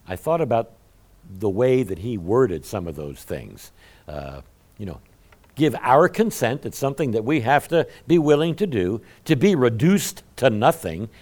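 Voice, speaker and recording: A male pastor giving a conversational sermon, joking about himself and speaking straight to his congregation. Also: lowish voice. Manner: animated, humorous, self-deprecating storytelling; talks to the congregation directly.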